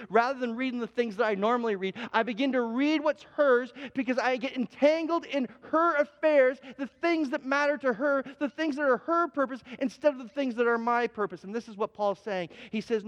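A man's voice: very high-pitched, lo-fi sound. A man preaching a sermon as pastor, telling a story in a conversational, self-deprecating way and acting out bits of dialogue. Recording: long hall reverb.

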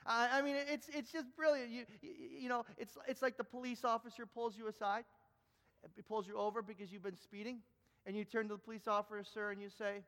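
Male preacher with a high voice, earnest sermon delivery that doubles back on words, recorded with a long hall echo. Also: flat delivery, fairly quick, sharp tone. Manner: earnest, repeats words as he builds each point.

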